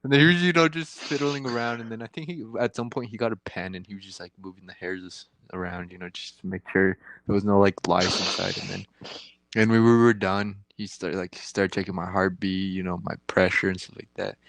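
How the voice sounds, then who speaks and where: A man's voice: sits low, fairly even intonation, a little fast, fairly bright tone, no room sound. A young man telling a crude story in casual chat as a podcast co-host, rambling and profane, often laughing.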